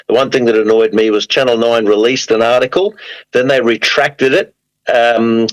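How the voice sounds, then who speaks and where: A man's voice: mid-range voice, moderate pace, poor audio. A man speaking as a guest on a football panel, blunt and indignant. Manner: blunt, indignant, mildly swearing.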